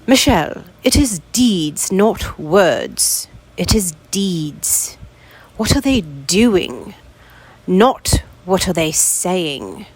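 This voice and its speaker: A woman's voice: lowish voice, big pitch swings, drawn-out words, slightly rough, exaggerated voice, low-quality recording. Woman doing her lecturing English dad. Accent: English (London). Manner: upright, lecturing, proverb-quoting. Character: her older English father, fond of sayings.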